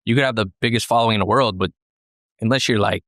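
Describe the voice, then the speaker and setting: Laid-back man with a lowish voice. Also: fast, fairly bright tone, no echo, studio quality. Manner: laid-back, slangy, swearing, short reactions. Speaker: podcast host. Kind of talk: casual podcast interview. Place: cafe.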